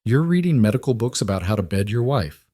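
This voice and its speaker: A man's voice: fairly low pitch, big pitch swings, fairly quick, warm tone, no echo, studio quality. A man voicing a small, frail but stubborn young woman, earnest and pleading, in a storybook reading.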